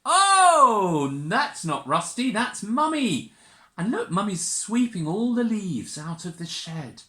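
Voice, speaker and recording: Slow, lively woman reading a children's story. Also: mid-range voice. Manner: animated, sing-song, asks the listeners questions; makes animal noises and gasps. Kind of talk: reading a picture book to young children. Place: church. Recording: roomy church echo.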